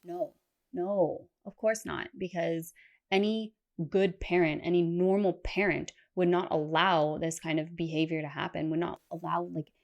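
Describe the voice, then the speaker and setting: A woman's voice: lowish voice, level tone, normal speed, dull audio. A woman reacting to clips in casual commentary, exasperated and sarcastic in her asides. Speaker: commentary youtuber.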